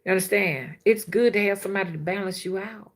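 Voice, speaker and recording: Woman, casual livestream host, slangy, animated, medium pitch. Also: fast talker. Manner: chatty, laughs often, slangy and animated. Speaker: spiritual reader hosting a livestream. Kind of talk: casual livestream chat with viewers.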